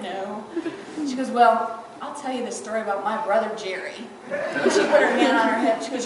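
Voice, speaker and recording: A woman's voice: fairly high pitch, moderate pace, very noisy. A woman giving a eulogy for her grandmother in a church, telling funny, fond stories and laughing often. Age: adult granddaughter. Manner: tearful-humorous storytelling, laughing often. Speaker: eulogy speaker. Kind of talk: personal eulogy at a funeral. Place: church, large room. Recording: echoey church from far off.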